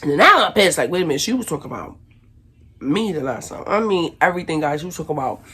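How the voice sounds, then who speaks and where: Animated woman from Brooklyn telling a story. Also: low-pitched, quick pace, breathy edge. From Brooklyn, New York. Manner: animated, acts out shouted quotes. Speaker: vlogger. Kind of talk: casual storytime.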